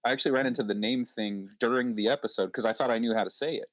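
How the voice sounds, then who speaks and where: A man's voice: mid-range voice, rapid-fire, dry recording. A man, a podcast host, chatting on a panel and acting out past exchanges in a rambling way. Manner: rambling, acts out quoted exchanges. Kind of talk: casual panel discussion.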